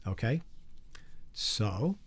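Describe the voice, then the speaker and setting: A man's voice: fairly low pitch, sing-song, drawn-out words, breathy edge. A man teaching an online music production class, explaining microphones in a casual way while he demonstrates the gear. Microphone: studio condenser microphone, moved around.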